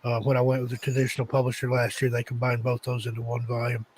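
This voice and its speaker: A man, a guest author, talking casually in an easygoing way with frequent pauses. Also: mid-range voice, monotone, darkish tone, a little hiss or hum, low-quality recording. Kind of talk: casual interview talk.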